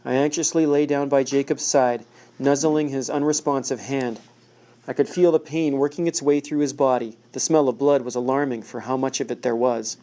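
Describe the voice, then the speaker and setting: A man reading a first-person novel aloud in a steady, measured way. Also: mid-range voice. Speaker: audiobook narrator.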